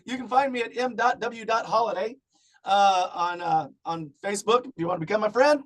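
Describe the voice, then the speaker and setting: A middle-aged man in casual chat as a podcast guest, swearing often and breaking into loud rants. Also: high voice, fairly quick. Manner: profane, ranting, loud bursts.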